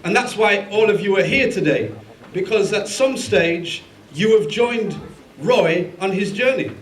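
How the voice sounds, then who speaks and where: A man's voice: sits high, animated, a little slow, slight background noise. A man introducing speakers at a live event, chatty and rallying the crowd, with plenty of fillers. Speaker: event host. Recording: echoey hall from far off, crowd.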